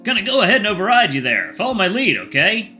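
A man's voice: high voice, very animated, fast talker, sharp tone, faint music behind, pitched above the performer's own voice, exaggerated voice. A man voicing an agile, confident male raccoon with a laid-back, breezy manner.

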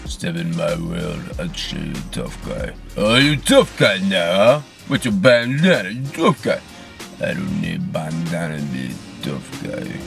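A man voicing a gruff, mumbling male tough-guy fighter who taunts and menaces from his car. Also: low-pitched, pitched below the performer's own voice, exaggerated voice. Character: gruff slow-talking male tough-guy boxer-soldier.

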